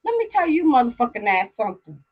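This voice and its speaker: A woman's voice: a little high, very animated, quick pace, husky, narrow, tinny audio. A woman hosting her own live stream, talking casually to viewers and ranting heatedly at one of them, swearing a lot and repeating herself for emphasis.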